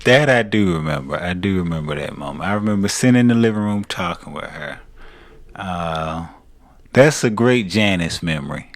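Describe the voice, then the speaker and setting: A man's voice: sits low, animated, moderate pace, no room sound. A young man with a Southern US accent, co-hosting a podcast in a laid-back, joking way. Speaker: podcast co-host. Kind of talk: casual chat.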